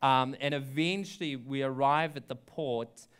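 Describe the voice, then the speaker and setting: A man's voice: mid-range voice, unhurried, a bit bright, clear, resonant tone. A young adult man, a pastor, telling a story in a sermon in a chatty way, with many ums and likes. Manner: chatty, frequent ums and likes, laughs at his own story.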